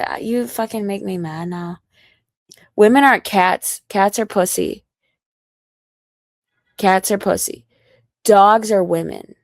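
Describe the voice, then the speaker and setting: A woman's voice: medium pitch, creaky, no room sound. A young American woman livestreaming, ranting in a rambling, heated and profane way. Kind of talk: casual livestream rant.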